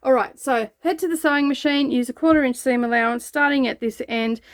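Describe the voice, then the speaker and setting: Woman, slightly high voice, easygoing sewing tutorial host. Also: fairly quick. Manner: relaxed, chatty instructions with frequent "okay" and "all right". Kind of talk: step-by-step craft tutorial.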